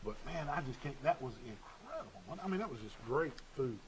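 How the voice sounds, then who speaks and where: A man's voice: medium pitch, sing-song, brisk, few pauses, slightly rough, poor audio. A middle-aged man hosting a casual local sports talk show, chatty and folksy as he runs through sponsor plugs.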